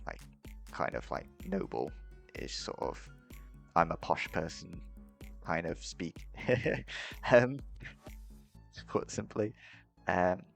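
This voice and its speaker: A young man with a deep, gravelly voice casually teaches a beginner language lesson as a self-taught hobbyist. He rambles, corrects himself, and laughs at his own mistakes.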